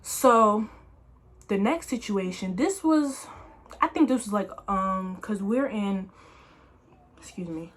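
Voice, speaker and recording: A young woman vlogger telling a story in a casual, slangy, animated way. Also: mid-range voice, slow pace, slight background noise. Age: young adult.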